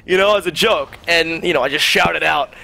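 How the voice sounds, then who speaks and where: Young man, bright voice, fairly high, rambling profane storyteller, streamer. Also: a little fast, vocal fry. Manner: rambling and profane, with frequent fillers. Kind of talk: casual storytelling.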